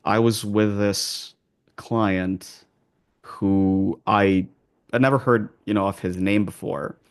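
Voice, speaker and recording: A man's voice: fairly low pitch, steady tone, slow, clear, resonant tone. A man who works as an accent coach, answering interview questions in a rambling way with many restarts and fillers.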